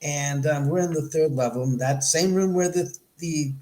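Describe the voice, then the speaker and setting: A middle-aged man from Los Angeles, a guest on a podcast, tells a story with lively swings in his voice and slips into the voices of the people he quotes. His voice sits a little high for a man, and the room around him is echoey. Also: normal speed, slight background noise. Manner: animated, acts out quoted dialogue. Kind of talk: storytelling in an interview.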